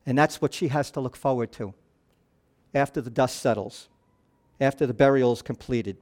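A middle-aged man preaching a sermon as a pastor, moving between soft, hushed passages and raised, animated ones. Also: medium pitch, normal speed.

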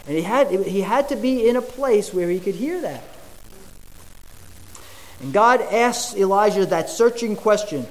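A male preacher delivers a sermon with an earnest, explaining tone. His voice is fairly high for a man, and he pauses often with fillers. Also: animated, low-quality recording.

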